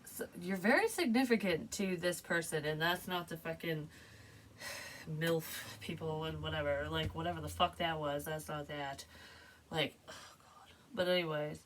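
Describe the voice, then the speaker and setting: A middle-aged woman with a low voice gives a casual, rambling tarot reading. She talks frankly and swears freely. Faint background noise sits under her voice. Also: moderate pace, far from the mic, low-quality recording. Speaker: psychic tarot reader.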